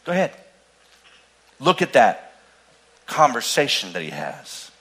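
Animated preacher with a bright voice. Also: male voice, medium pitch, measured pace, low-quality recording. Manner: animated storytelling, swings from loud emphasis to hushed tones. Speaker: pastor. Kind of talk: sermon.

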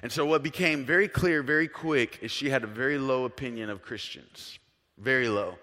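A man's voice: mid-range voice, moderate pace. Earnest male pastor in a reverberant hall. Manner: conversational, earnest, swings between soft and loud. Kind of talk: sermon storytelling.

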